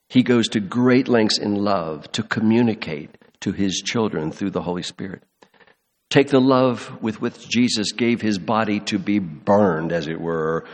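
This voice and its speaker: A man preaching a sermon, emphatic, slowing on key words and dropping soft at the ends of phrases. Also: on the low side, long reverb tail. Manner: emphatic, slows for stress, drops soft at ends. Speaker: pastor.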